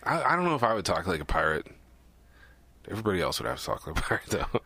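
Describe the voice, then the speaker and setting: Casting: young adult male podcast co-host, deep voice, easygoing banter, quick to laugh. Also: very animated, bright, forceful tone, slightly rough, dry recording. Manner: laughs often, joking. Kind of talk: casual banter among friends.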